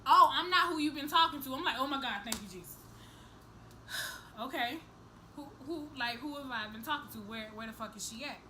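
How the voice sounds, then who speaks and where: A young woman vlogger telling a story to the camera in a casual, animated, profane way, acting out each person's lines. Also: high-pitched, slight background noise, poor audio.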